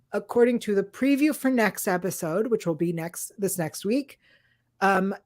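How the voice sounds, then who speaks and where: A woman co-hosting a podcast in casual chat, dry and offhand, with casual swearing. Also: medium pitch. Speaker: podcast co-host.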